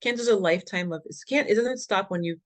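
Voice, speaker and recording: A woman's voice: medium pitch, fast. Emphatic woman telling her story. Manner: earnest, emphatic, laughs between points. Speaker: health foundation founder as guest. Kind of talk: personal storytelling in an interview.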